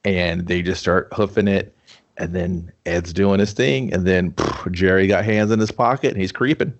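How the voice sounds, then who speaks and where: A fairly low-pitched man tells a movie's story to his co-host in loose, profane chat. He jumps into acted-out lines for the characters, then drops back to his plain telling voice. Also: fairly even intonation, normal speed, muffled recording. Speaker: podcast co-host. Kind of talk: casual movie recap chat.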